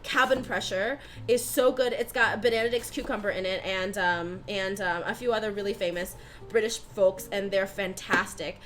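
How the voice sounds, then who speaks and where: Baking during a live stream, this young woman keeps up casual chatter, often cursing, laughing, and repeatedly sounding out words. She speaks at normal speed in a mid-range, slightly bright voice with fairly even intonation, and there's a little background noise.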